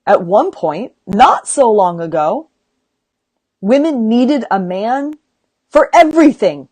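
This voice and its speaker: A woman's voice: a little high, lively intonation, darkish tone, no room sound. A woman hosting a podcast, talking earnestly and emphatically in a motivational tone, often asking "right?" as she drives her points home. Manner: earnest and emphatic, building to rallying calls; unhurried, with frequent rhetorical "right?". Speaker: podcast host and women's circle leader.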